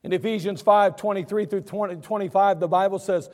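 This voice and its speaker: High-voiced preaching man, echoey church. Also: fairly quick. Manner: animated preaching, asks and answers his own questions. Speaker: pastor. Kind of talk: sermon. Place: church sanctuary.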